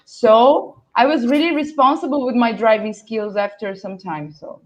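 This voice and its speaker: A Brazilian woman whose first language is Portuguese, speaking English with a Brazilian accent, telling a lively story on a video call and acting out the voices in it. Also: a little high, normal speed, dull audio, a crowd in the background. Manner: animated, laughing, acts out quoted voices. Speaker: guest English teacher. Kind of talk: storytelling in a live online panel.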